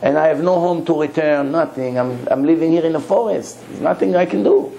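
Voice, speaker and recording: Orphaned boy of twelve, grieving and earnest, put on by a male preacher, mellow tone. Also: on the high side, brisk, gravelly, slight background noise, rough recording.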